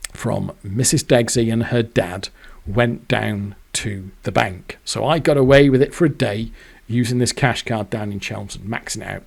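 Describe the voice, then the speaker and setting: A man's voice: on the low side, creaky. A man, telling a rambling, sweary personal story. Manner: rambling, sweary, self-deprecating. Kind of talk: casual storytelling monologue.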